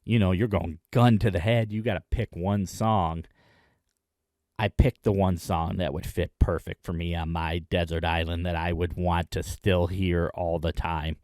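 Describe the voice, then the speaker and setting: A man hosting his own video, chatting enthusiastically in a casual rundown with frequent pauses. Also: sits low, flat delivery, a little mellow, no room sound, clean studio sound. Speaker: music video host.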